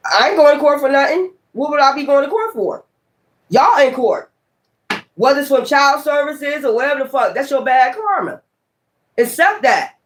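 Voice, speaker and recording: A woman's voice: high-pitched, lively intonation, normal speed. A woman giving a tarot reading in a blunt, profane, emphatic way. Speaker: tarot reader.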